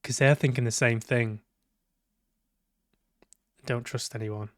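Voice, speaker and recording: Male streamer, unhurried and sardonic, dry close sound, swears freely. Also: medium pitch, steady tone, no room sound. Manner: sweary, sarcastic, talks back at the characters. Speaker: game streamer. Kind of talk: live let's-play commentary.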